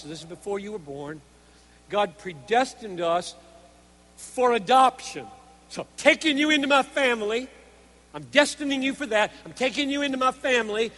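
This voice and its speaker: A male preacher with a strikingly high voice delivers an earnest sermon. He drops to hushed tones and then presses his points with force. A long hall reverb trails after his words. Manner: earnest, emphatic, shifts between hushed and forceful.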